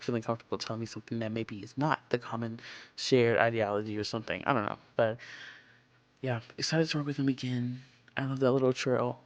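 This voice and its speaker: A man's voice: medium pitch, darkish tone, dry recording, highs cut off. A young man chatting casually over gameplay as a game speedbuild creator, rambling through stories and swearing freely.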